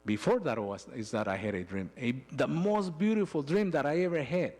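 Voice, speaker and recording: Middle-aged man, church testimony, halting emotional storytelling. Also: on the high side, expressive, a little mellow. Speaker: church member giving a testimony. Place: church sanctuary.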